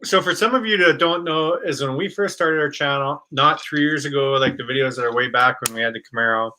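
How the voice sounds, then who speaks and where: A man's voice: medium pitch, a little fast, pushed and bright. A man co-hosting a casual live chat, easygoing and teasing, reading viewer comments aloud. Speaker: co-host of a camping channel live stream.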